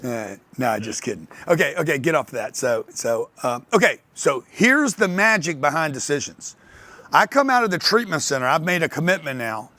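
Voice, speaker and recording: Animated older man telling stories. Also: a little high, normal speed. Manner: animated storytelling, acts out others' voices. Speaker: speaker on sales and wealth. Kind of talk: motivational talk to an audience.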